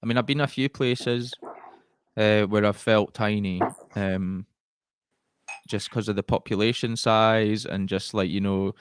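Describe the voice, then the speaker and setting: A man's voice: on the low side, fairly even intonation, a little slow, smooth. A man with a Scottish accent hosting a podcast, asking questions and musing aloud in casual interview chat. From Scotland. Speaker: podcast host.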